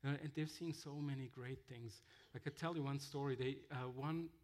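A man telling mission stories in a sermon, halting with fillers and restarts. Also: mid-range voice, steady tone, darkish tone. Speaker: missionary speaker. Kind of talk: sermon-style storytelling.

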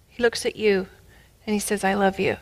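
A woman preaching a sermon with emphatic, rising bursts of loudness, she is middle-aged. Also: mid-range voice, steady tone, normal speed. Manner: emphatic, builds to loud bursts.

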